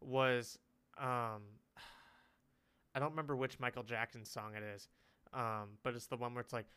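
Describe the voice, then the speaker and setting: A man's voice: mid-range voice, fairly even intonation, normal speed, sharp tone, smooth. A young man telling rambling stories on a casual podcast, laughing often. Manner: giggly, rambling storyteller. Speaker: podcast co-host. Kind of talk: casual chat.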